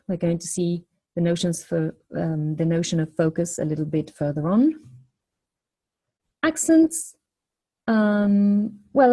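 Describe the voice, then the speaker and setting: A woman lecturing on phonology, explaining step by step in a measured way and posing questions to the class. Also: mid-range voice, mellow.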